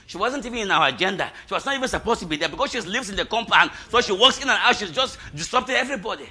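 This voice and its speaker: This middle-aged pastor preaches a lively testimony sermon. His voice sits high for a man, with a very bright, cutting edge and a husky grain. He shouts at the high points and laughs between lines. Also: rapid-fire.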